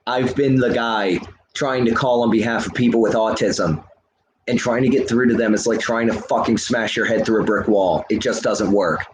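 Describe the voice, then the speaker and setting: A man's voice: on the low side, normal speed, reverberant, slight background noise. A man livestreaming, ranting at his chat in a heated, profane, lecturing way while smoking a cigarette. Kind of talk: live stream rant to chat.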